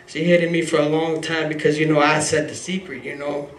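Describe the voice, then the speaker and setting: A man's voice: fairly high pitch, level tone, a little fast, slight background noise. A man telling a raw, emotional personal story at a live story slam, rambling, swearing and filling gaps with "you know". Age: adult father. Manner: rambling, heavy on "you know" fillers, profane. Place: live event venue. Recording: roomy hall from a distance.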